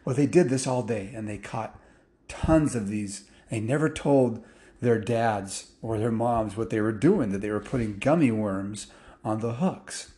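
A man telling a story in a loose, casual way, with restarts and fillers, picking up excitement as the action builds. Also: on the low side, a little slow.

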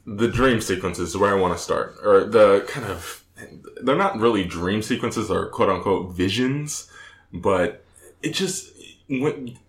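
A man's voice: on the low side, expressive, a little slow. A man co-hosting a casual movie review chat, rambling and correcting himself often, laughing as he talks. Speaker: podcast co-host. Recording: roomy echo.

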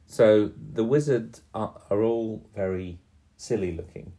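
Speaking in a lowish, unhurried storytelling voice, a man in his fifties runs a tabletop game for a little girl as game master. He keeps pausing to put questions to her as the story unfolds.

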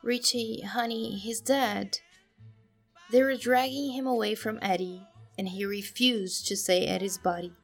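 A woman reads a dramatic story aloud, her voice sitting at an ordinary middle pitch. She takes her time, narrating in a slow, measured, somber way that leans into the emotional beats. Soft music plays faintly underneath. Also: steady tone. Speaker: story reader. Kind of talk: dramatic reading of fan fiction.

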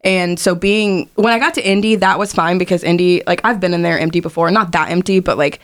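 A young woman from Indiana telling a story in casual chat. Her voice sits a little low, and she talks loosely, packing in fillers and quick laughs. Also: steady tone. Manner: chatty, many fillers, laughs often. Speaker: guest.

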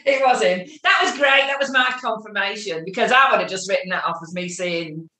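A woman who works as a spiritual healer, chatting casually and telling a story in an animated way. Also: medium pitch, fairly quick, reverberant, noisy background.

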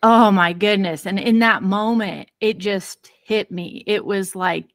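A woman's voice: mid-range voice, a little slow, hardly any pauses, no echo. Earnest woman telling a family story. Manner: earnest, expressive storyteller who laughs easily. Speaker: parenting expert guest. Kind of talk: personal storytelling in a podcast interview.

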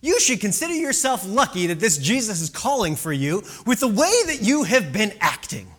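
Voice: mid-range voice, very animated, moderate pace, fairly bright tone, big-room sound. A preacher voicing an impatient roadside crowd that scolds a beggar in a mocking, bossy way.

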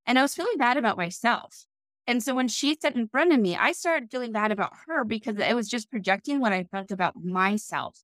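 A woman's voice: on the high side, animated, fairly quick, fairly bright tone, dry recording. Woman, candid faith podcast co-host, heartfelt, dry close recording. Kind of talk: personal testimony on a faith podcast.

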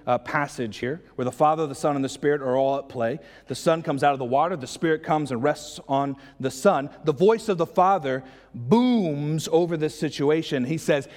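A man preaching a sermon as pastor, casual and animated, breaking into excited high-pitched voices to act out lines. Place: church hall. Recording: long hall reverb.

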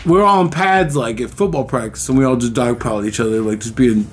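A man co-hosting a casual podcast, telling a story in an animated way, swearing freely and acting out quoted lines. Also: mid-range voice, fairly quick, a crowd in the background. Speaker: podcast co-host.

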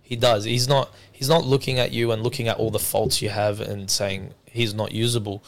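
Aussie guy hosting a chat show, croaky hoarse voice, kinda low, fun storyteller. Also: normal speed. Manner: joking, animated storyteller. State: hoarse from lost voice. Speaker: podcast host. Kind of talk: casual chat.

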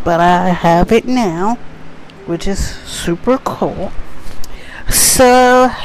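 A young adult woman hosting her own casual solo podcast, talking in a tired, rambling way with breathy asides. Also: medium pitch, darkish tone, slight background noise. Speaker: podcast host. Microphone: USB microphone.

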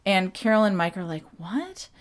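A woman hosting a podcast, retelling a story casually with animated, quick impressions. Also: medium pitch. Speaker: podcast host.

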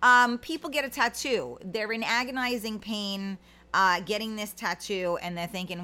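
A woman's voice: medium pitch, normal speed, bright, forceful tone. A middle-aged woman, chatting casually as a livestream host and reading out viewer comments, rambling with many fillers.

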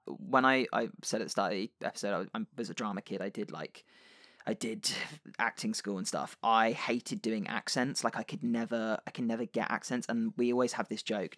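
A man co-hosting a podcast, chatting easily and handing out tips about role-play. His voice is low and gravelly. The sound is dry and close, with no room echo. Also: a bit bright. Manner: chatty, gives tips with frequent fillers. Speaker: podcast co-host. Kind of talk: casual chat about tabletop role-play.

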